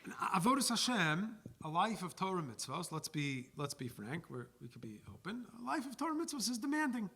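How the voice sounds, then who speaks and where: Animated rabbi teaching Torah. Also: male voice, sits high, brisk, hardly any pauses, slightly rough. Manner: animated, chatty, sprinkled with Yiddish and Hebrew words. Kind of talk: Torah lecture with storytelling.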